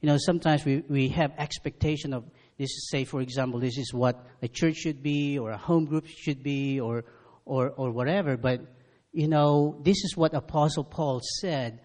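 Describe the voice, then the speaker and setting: Man preaching in a relaxed sermon. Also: medium pitch, normal speed. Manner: conversational preaching with many fillers. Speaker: church leader preaching.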